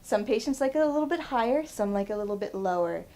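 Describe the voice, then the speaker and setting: A woman's voice: medium pitch, expressive, fast, mellow, low-quality recording. A woman in her thirties, a physical therapist, demonstrating stretches in a chatty how-to vlog and laughing at herself. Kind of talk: instructional vlog demo.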